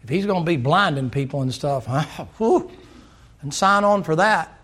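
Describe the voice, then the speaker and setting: A man. He moves from quiet, low asides up to loud, emphatic runs. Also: animated. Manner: acts out dialogue in quick playful voices. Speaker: pastor. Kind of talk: sermon.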